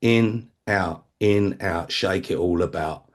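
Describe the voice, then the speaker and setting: Blunt, husky-voiced man telling his recovery story. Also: low voice, takes it slowly. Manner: blunt, swearing, conversational; acts out other people's voices. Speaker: speaker at a recovery meeting. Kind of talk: personal recovery testimony.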